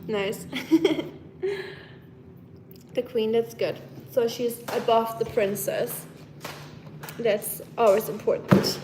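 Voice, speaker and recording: A woman's voice: on the high side, fairly even intonation, slow pace, pauses often, noisy background. A woman from Germany, chatting casually with viewers on her livestream and answering their comments. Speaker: livestream host. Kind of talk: casual live chat with viewers.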